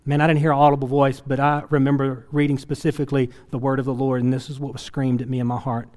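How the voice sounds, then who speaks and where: A middle-aged man preaching a sermon, telling a personal story in an earnest way that swings from loud to hushed and tearful. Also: medium pitch, level tone, quick pace, big-room sound. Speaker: pastor.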